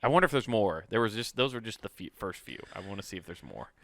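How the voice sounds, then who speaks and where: A man's voice: fairly low pitch, very animated, fast, fairly bright tone, no room sound, studio quality. A man co-hosting a comedy podcast, joking in casual banter, often laughing and swearing. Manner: laughing, joking, profane, puts on voices. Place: car.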